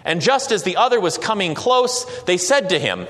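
A man narrating a story slowly and dramatically, with occasional hesitations. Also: sits high, very animated, a bit bright. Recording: long reverb.

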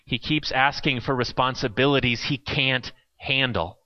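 A man's voice: mid-range voice, fairly even intonation, normal speed, highs cut off. A man preaching a sermon in a conversational way, with playful asides.

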